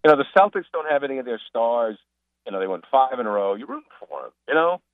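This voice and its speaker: Animated man talking over a phone line. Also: medium pitch, quick pace, dry recording. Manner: animated storyteller, mimics people he describes. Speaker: sports broadcaster and guest. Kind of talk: casual radio chat.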